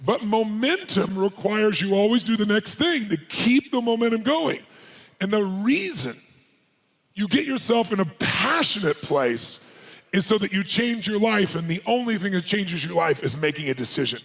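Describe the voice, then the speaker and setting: A man giving a live seminar address as a motivational speaker, firing rapid questions and commands at the audience. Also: high voice, animated, a bit bright. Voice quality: gravelly, husky voice.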